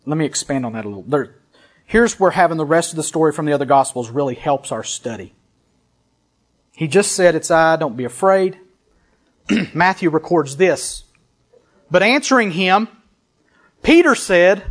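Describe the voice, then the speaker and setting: A man with a high, light voice preaching a sermon. He reads scripture aloud with emphasis, then breaks off into casual, conversational comments to his congregation. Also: animated, measured pace, pauses often. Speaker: pastor.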